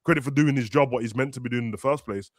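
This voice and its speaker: A man's voice: mid-range voice, rapid-fire, no echo. A young man, chatting casually and ranting animatedly as a football podcast host. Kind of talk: casual chat.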